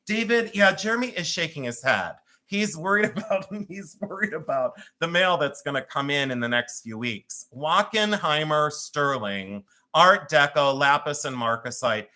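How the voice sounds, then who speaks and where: A man's voice: fairly high pitch, pushed and bright. A man in his fifties with a Cleveland accent, chatting and joking as he sells jewelry on a live stream, rambling and laughing often. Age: 50s. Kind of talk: chatty live-sale banter.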